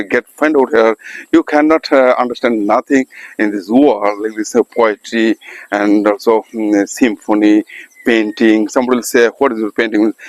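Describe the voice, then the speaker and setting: A man talking to viewers in an unscripted practice monologue, halting and searching for words, with many restarts and fillers. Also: mid-range voice, low-quality recording. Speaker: English practice vlogger. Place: outdoors by a road.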